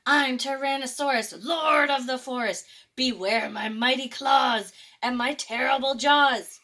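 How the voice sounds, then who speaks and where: A woman's voice: a little high, lively intonation, moderate pace, pushed and bright, breathy edge, exaggerated voice. A woman voicing a hungry, boastful male tyrannosaurus in a storybook reading, roaring and howling.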